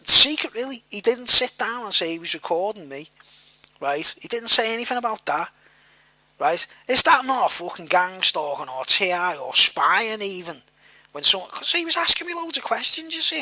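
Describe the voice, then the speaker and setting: A man's voice: sits high, bright, forceful tone, no echo. A man telling a personal story in a rambling, repetitive way, full of fillers and the odd swear word. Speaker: vlogger.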